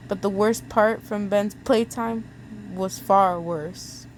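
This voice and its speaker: A woman's voice: mid-range voice, slight background noise. A young woman reading second-person fan fiction aloud in a casual way, stumbling and laughing at her own slips. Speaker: story reader.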